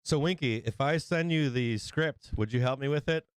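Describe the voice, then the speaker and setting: A man's voice: medium pitch, normal speed, smooth, dry recording. A man hosting a trading livestream, rambling and swearing often as he acts out quoted exchanges. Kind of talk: casual profane chat.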